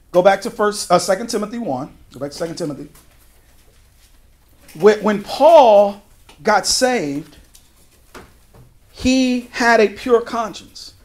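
A male pastor teaching verse by verse through a Bible book, talking conversationally with folksy asides and quick shifts between emphatic and quiet delivery. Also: high voice. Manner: emphatic, with sudden drops to a quiet voice.

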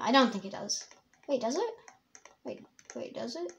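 A woman giving rambling, excitable let's-play commentary as a young YouTuber, laughing often. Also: a little high, moderate pace, pauses often, a little hiss or hum. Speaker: gamer and YouTuber.

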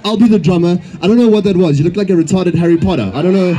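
High-voiced playful showman beatboxer. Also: rapid-fire, warm tone, a little hiss or hum. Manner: playful, teasing, showman crowd banter. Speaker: street beatbox performer. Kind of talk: live stage patter with crowd.

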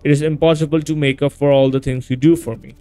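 A man's voice: on the high side, fairly even intonation, fast, warm tone, clear, resonant tone, soft background music, close to an everyday voice. A man voicing a frightened young male former asylum patient in a horror game, reading his lines in an anxious, confessional way. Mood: grateful.

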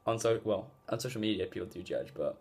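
Gaming vlogger, male, lowish voice, loose filler-heavy rambling, phone-recorded. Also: quick pace, darkish tone. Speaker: gaming YouTuber. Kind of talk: casual vlog talk. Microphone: phone mic.

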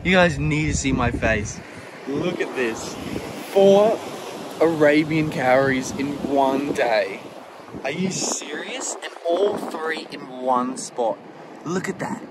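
Beach vlogger, unhurried, keeps exclaiming in disbelief, recorded outdoors with heavy wind hiss. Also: medium pitch. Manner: exclaims often, thrilled and disbelieving. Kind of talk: excited shelling vlog. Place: beach at low tide, outdoors. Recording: wind noise on an outdoor mic. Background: wind and open-air ambience.

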